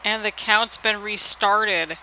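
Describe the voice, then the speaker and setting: Hushed, bright-voiced late-night play-by-play caller on a headset, wrestling game commentary, hypes the crowd of "people". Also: steady tone, takes it slowly, slight background noise, poor audio. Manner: keeps the voice low and hushed for late-night recording; hype play-by-play with frequent "people" call-outs. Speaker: YouTuber doing play-by-play of a wrestling video game. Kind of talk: solo game commentary in a wrestling announcer manner.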